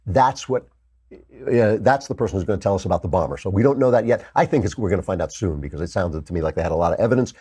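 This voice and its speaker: A man's voice: animated, quick pace, warm tone, slightly rough. An older man hosting a political commentary show, delivering a heated, sarcastic monologue. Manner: heated, sarcastic, mocks opponents in high whiny put-on voices.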